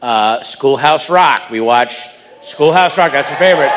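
Animated male comedian telling a story. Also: medium pitch, moderate pace, long reverb tail, a loud crowd, heavy background noise. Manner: animated, breaks into loud voices for others. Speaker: stand-up comedian. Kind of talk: stand-up storytelling.

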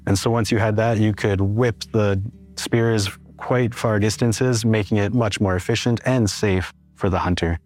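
Male expert interviewee, lowish voice, patient and methodical, faint music bed. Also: fairly even intonation, a little slow, darkish tone. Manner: patient, explanatory, with frequent "and so". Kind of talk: interview explanation.

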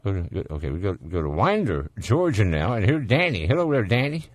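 A folksy man with a Southern US accent hosts a call-in radio show in an easygoing, chatty way. His voice sits very low, and the sound is close and dry with no room around it. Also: big pitch swings, fairly quick, no echo. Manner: folksy, easygoing, laughs often. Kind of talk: casual call-in radio chat.

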